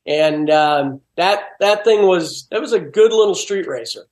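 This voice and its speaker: High-voiced man telling stories in an echoey room. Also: measured pace. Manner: animated storyteller, laughs easily. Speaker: guest. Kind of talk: casual chat. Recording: roomy echo.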